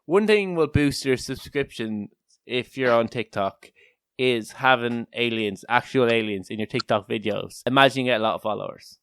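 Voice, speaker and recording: A man's voice: mid-range voice, moderate pace, fairly bright tone, clear, resonant tone, no echo. Joking, rambling podcast man. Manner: joking, rambling, swears freely. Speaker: podcast co-host. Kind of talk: casual chat.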